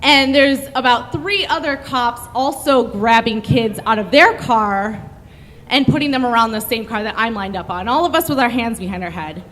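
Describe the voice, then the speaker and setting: A young woman telling a story on stage in a brash, profane, animated way. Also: fairly high pitch, moderate pace, long reverb tail.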